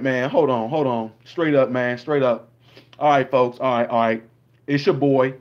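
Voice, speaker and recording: A man's voice: medium pitch, fairly even intonation, moderate pace, lo-fi sound. A man talking casually to his viewers in a reaction vlog, loose and chatty, calling them guys and y'all. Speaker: vlogger and musician.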